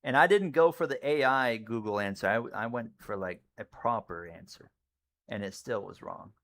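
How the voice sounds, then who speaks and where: A fairly low-pitched male voice with vocal fry, at normal speed, over a little hiss or hum. He gives easygoing live commentary on his racing game, chats with viewers, and yells loudly and excitedly when things get close.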